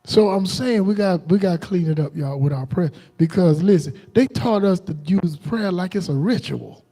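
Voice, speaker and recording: High-voiced preacher man. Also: normal speed, dark tone. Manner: folksy storytelling with laughs and acted-out quotes. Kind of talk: informal sermon on a livestream.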